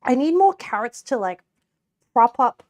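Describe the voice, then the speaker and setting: This is a young woman from Australia chatting with viewers while she cooks on a live stream, full of giggles and rambling "like" fillers. Her voice sits high and sing-song, unhurried and a little mellow, with no room sound.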